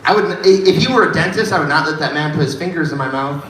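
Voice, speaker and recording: A man's voice: fairly high pitch, fast talker, fairly bright tone. A man doing a stand-up set at an open mic, telling stories in a laid-back way with frequent "dude" asides. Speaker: stand-up comedian. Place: dive bar comedy room. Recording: echoey bar room, distant mic, faint noise.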